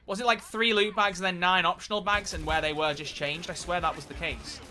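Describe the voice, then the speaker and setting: A man's voice: high voice, steady tone, fairly quick, pushed and bright. A man live-streaming a game, chatting in a rambling, self-mocking way as he plays. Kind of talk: live gameplay commentary.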